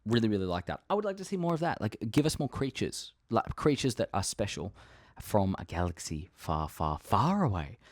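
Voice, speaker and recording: This young man hosts a fan channel, and he speaks fairly quickly at a fairly low pitch while excitedly and casually rambling about theories. He curses freely and laughs at himself, and the sound is clean studio audio with no room sound.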